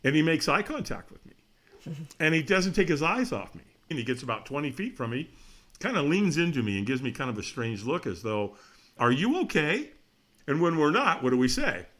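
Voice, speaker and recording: A middle-aged man, a podcast guest, telling a story in a lively way, acting out the voices of the people in it and laughing often. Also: fairly high pitch, brisk. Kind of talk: animated storytelling.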